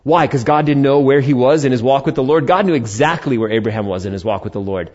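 A man's voice: fast talker, a little mellow, dull audio. A male pastor preaching a sermon who reads scripture aloud and then asks and answers questions. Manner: voices imagined objections in a higher voice.

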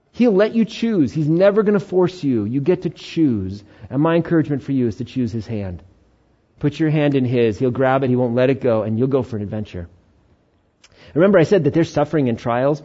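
Middle-aged male pastor, lively sermon delivery with acted-out voices; fairly high voice, dull lo-fi capture. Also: a little fast. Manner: animated, acts out inner voices and God's lines.

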